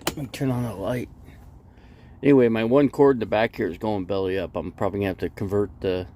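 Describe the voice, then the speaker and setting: A man's voice: fairly low pitch, steady tone, fast talker, mellow. A middle-aged man hosting a casual live stream from inside his vehicle, speaking into a phone and rambling with lots of restarts. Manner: rambling, repeats and restarts, talkative.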